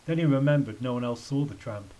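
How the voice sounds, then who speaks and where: A man's voice: mid-range voice, fast, mellow, rough recording. A man reading a children's story aloud. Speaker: narrator.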